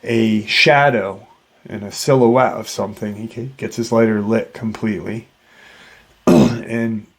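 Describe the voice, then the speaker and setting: A man hosting a paranormal channel, retelling a witness's encounter in a halting way, with many fillers and restarts. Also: on the low side, steady tone, husky.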